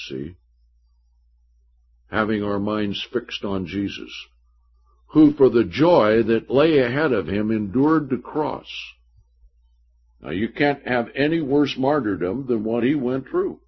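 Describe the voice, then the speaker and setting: A man with a medium-pitched, slightly rough voice preaches a sermon, reading scripture aloud and driving his points home emphatically. His Bible teaching is slow, and the recording is dull and lo-fi.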